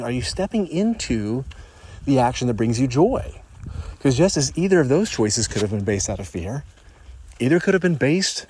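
Young guy coaching vibes, thinking out loud on a hike, earnest, middle pitch. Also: husky. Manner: earnest, thinking aloud with pauses and restarts. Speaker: life coach and vlogger. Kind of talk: reflective casual vlog. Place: outdoors on a hiking trail.

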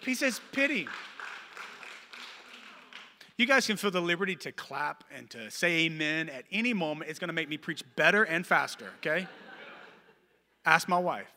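A pastor in his thirties delivers a sermon in a church. His voice is high and bright, with a forceful edge. He swings between loud, emphatic calls and quiet, lowered asides. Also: expressive, normal speed. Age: 30s.

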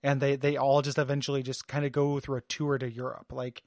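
A man's voice: medium pitch, completely flat delivery, brisk, dry recording, studio quality. A man co-hosting a podcast in casual chat, hesitant and full of fillers, laughing easily. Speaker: podcast co-host.

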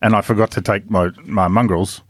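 A man's voice: on the low side, fairly even intonation, brisk, dry recording, clean studio sound. A man co-hosting a podcast, talking casually and swearing while telling stories. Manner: laid-back, swearing storyteller. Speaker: podcast co-host. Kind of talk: casual chat.

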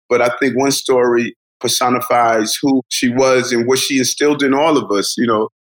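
A man's voice: mid-range voice, fairly bright tone, rough recording. A middle-aged man speaks as a podcast guest. His delivery is earnest and motivational as he talks through life lessons. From Brooklyn, New York. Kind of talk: podcast interview, storytelling.

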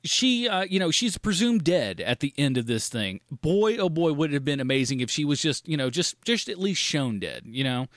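A man's voice: fairly high pitch, normal speed, few pauses, dry recording, studio quality. A man co-hosting a casual movie review podcast, ranting with lots of swearing. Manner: profane, animated ranting. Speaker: podcast co-host.

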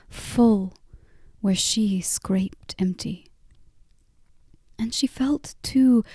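A woman narrating a story in a whispered role-play, softly and unhurriedly. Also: medium pitch, slightly rough, no room sound, clean studio sound. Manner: soft, unhurried reading.

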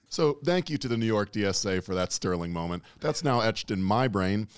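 Deep-voiced wry podcast host, man. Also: brisk, clear, resonant tone, no echo, studio quality. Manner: wry, crude, deadpan jokes. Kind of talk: casual comedic chat.

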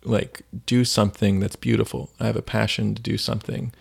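Guy on a faith podcast, low gravelly voice, rambly storytelling w lots of "like"s. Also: flat delivery, brisk, a little mellow. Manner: storytelling, many fillers like "like". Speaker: podcast co-host. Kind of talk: casual faith podcast chat.

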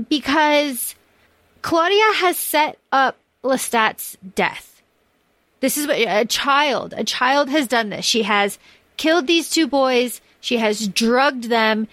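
A woman hosting a podcast, talking casually in an animated, profane way, with lots of fillers and restarts. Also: on the high side, no echo. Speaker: podcast host. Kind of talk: casual chat.

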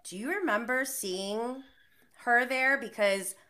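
A woman's voice: a little high, sharp tone. A woman hosting a podcast in casual chat, eager and chatty, asking questions. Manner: eager, chatty, quick reactions.

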